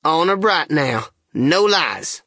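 A man voicing a blustering old male swindler who poses as a king, gruff and bullying, in an audiobook reading. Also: on the high side, sing-song, takes it slowly, bright, forceful tone, no echo, studio quality, pitched above the performer's own voice, exaggerated voice. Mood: demanding. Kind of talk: audiobook character voice.

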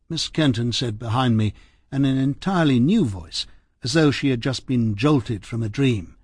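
A man narrating an audiobook in the first person, formal, measured and precise. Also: mid-range voice, lively intonation, husky, no room sound, studio quality.

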